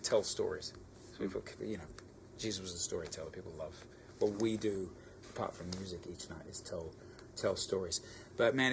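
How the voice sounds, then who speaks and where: Aussie guy musician, kinda low voice, thinks out loud, faint room noise behind. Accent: Australian. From Australia. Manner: thoughtful, halting, many restarts. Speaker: musician guest. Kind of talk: casual interview.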